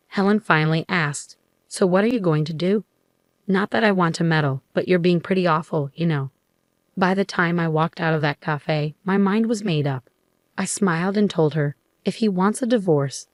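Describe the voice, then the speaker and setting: A woman narrating a first-person story in an even, measured way. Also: lowish voice, dry recording.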